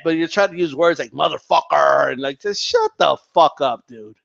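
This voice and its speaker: A man with a high, lively voice rants at a rival, combative and profane, stumbling over repeated words. The recording sounds dull and lo-fi. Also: normal speed, gravelly. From Mexican heritage. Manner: combative, profane, repetitive restarts. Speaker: boxing commentator. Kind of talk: heated rant vlog. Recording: dull lo-fi audio.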